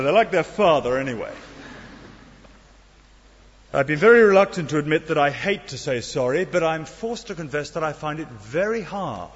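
A man's voice: a little high, breathy edge. Preacher man in a reverberant hall. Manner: earnest, rhetorical questions, wry asides. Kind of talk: sermon. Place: church. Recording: dull sound in a long-reverb hall.

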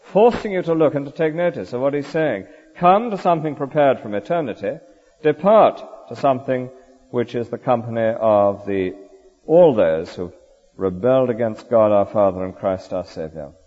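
Man, sermon, lively rising and falling pitch, dull lo-fi recording, long hall reverb. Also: normal speed. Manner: earnest, rhetorical, with frequent tag questions. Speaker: preacher.

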